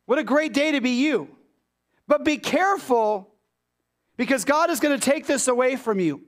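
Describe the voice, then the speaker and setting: High-voiced, animated male pastor preaching. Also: normal speed. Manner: animated, rhetorical questions, sudden drops to low, quiet emphasis. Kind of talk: sermon.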